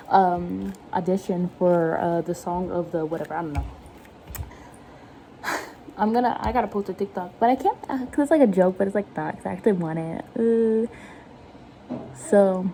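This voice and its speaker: Twenties girl rambling while she cooks, laughs at herself a lot, warm mellow tone. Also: mid-range voice, moderate pace, pauses often, slight background noise. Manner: rambling, self-mocking, laughs often. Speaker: vlogger. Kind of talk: casual chat while cooking. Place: home kitchen.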